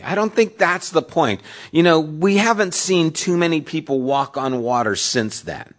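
A man's voice: animated, moderate pace. Conversational man preaching a sermon. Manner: conversational, asks the audience questions; swings between loud emphasis and soft, low asides. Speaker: pastor.

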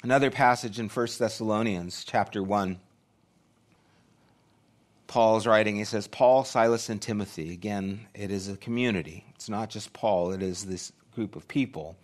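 A man's voice: fairly low pitch, normal speed. Earnest middle-aged male pastor preaching. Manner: earnest, conversational preaching with repeated phrases. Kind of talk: sermon.

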